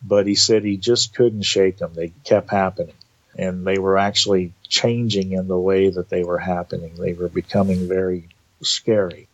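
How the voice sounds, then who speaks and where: A man telling a personal story in a casual, animated way, acting out the quoted dialogue. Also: low voice, moderate pace, highs cut off. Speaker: guest telling of entity encounters.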